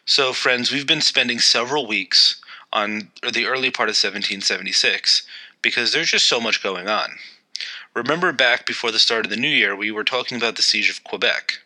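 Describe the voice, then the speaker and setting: A man's voice: mid-range voice, moderate pace, pushed and bright, poor audio. A man hosting a history podcast, narrating events in a loose, conversational way with occasional fillers. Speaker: podcast host.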